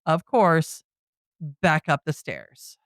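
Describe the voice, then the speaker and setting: Hosting a podcast, this woman walks through a horror movie scene by scene in a relaxed, storytelling style, peppered with "like" and "you know." Her voice is low and very animated, yet she talks slowly, and there's no room sound.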